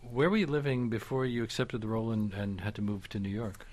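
Low-voiced male interviewer. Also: quick pace, a little mellow, slight background noise. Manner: inquisitive, conversational. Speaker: radio interviewer, host. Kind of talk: broadcast interview.

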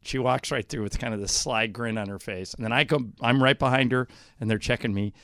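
A middle-aged man hosts a talk radio show, spinning stories with animated asides. His voice sits in a dry, close studio sound with no room echo. He talks at an everyday middle pitch. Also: a little fast, clear, resonant tone. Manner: chatty storyteller, animated asides. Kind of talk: casual talk radio banter.

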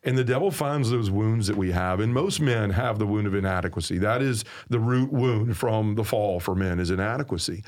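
A man's voice: fairly low pitch, fairly quick, hardly any pauses, a little mellow. A man with a Southern accent, a podcast guest telling his faith story earnestly, stressing and repeating key phrases. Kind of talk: personal faith testimony in conversation.

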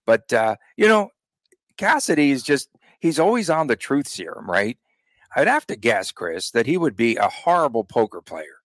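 A man's voice: mid-range voice, big pitch swings, moderate pace, fairly bright tone, no room sound. A man co-hosting a sports podcast, joking and rambling in casual chat. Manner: joking, rambling, laughs often. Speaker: podcast co-host.

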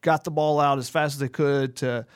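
A man's voice: fairly high pitch, steady tone, normal speed, smooth, dry recording, studio quality. A man with a Southern American accent, co-hosting a casual sports podcast and breaking down the players with lots of "you know" fillers.

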